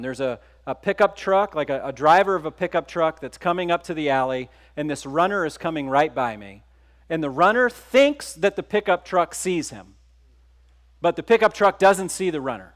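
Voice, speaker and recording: A man's voice: fairly high pitch, fairly bright tone. A middle-aged man from Texas giving a conference keynote, telling a story in a conversational way and putting questions to the audience. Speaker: keynote speaker. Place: conference stage.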